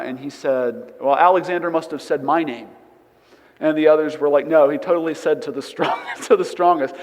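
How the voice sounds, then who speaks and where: Conversational church teacher, man, mid pitch, hall reverb. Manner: conversational, frequent "right?" tags. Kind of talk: sermon. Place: church sanctuary.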